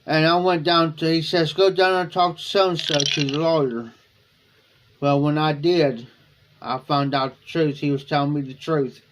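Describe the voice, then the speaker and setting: A man's voice: on the high side, fairly even intonation, normal speed. A man hosting a live stream, telling a personal story in a rambling way, often repeating himself and quoting what others said. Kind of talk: casual storytelling.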